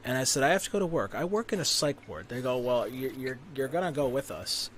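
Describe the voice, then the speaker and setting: A man's voice: mid-range voice, expressive, brisk, slight background noise. A man telling a long personal story on a podcast in a blunt, profane, casual way. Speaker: podcast guest.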